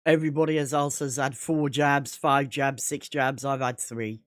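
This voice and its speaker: A man talking loosely while he streams a game, circling back over the same points again and again and cursing freely. His pitch sits in an ordinary middle range. The sound is dry and close, with no room echo. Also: little pitch movement, measured pace, a bit bright. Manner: rambling, repetitive, heavy swearing. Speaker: gaming livestreamer. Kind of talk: casual gaming livestream chat.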